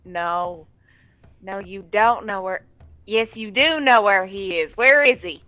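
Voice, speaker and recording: A woman playing a tabletop game, animated and exclamatory, often slipping into her character. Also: medium pitch, slow pace, dry recording, dull audio. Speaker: player.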